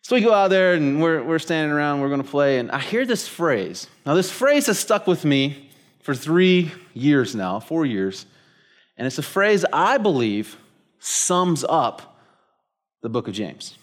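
A man preaching a sermon in a relaxed, storytelling way. His pitch swings widely and sits a touch high. He sprinkles his talk with fillers as he builds toward his point. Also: unhurried. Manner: casual storytelling with many fillers. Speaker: pastor.

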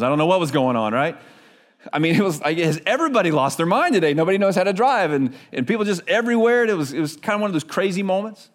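A male pastor preaching a sermon in a church, telling stories conversationally with frequent "right?" asides. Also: fairly high pitch.

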